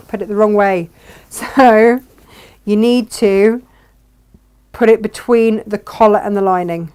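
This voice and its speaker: A woman's voice: medium pitch, steady tone, takes it slowly, long pauses, dark tone, smooth. A woman chatting as she sews, talking herself through each step with self-mocking asides. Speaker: sewing vlogger. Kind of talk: chatty sewing tutorial. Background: sewing machine.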